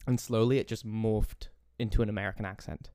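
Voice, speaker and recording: A man's voice: on the low side, steady tone, fairly quick, a little mellow, no room sound, clean studio sound. A young man with an English accent, chatting casually on a podcast. He swears freely and laughs easily. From England. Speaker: podcast host. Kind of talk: casual chat.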